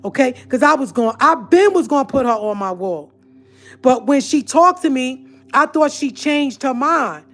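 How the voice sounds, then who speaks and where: Soft music underscores a heated, confrontational rant from a woman hosting her own channel. Her voice sits high, a bit bright and animated, at normal speed, as she addresses viewers in a live-stream monologue.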